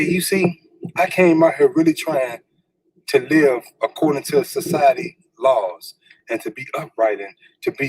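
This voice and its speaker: A man's voice: on the high side, husky, low-quality recording. A middle-aged man, candidly telling a personal story in informal speech, stumbling over repeated words when stirred up.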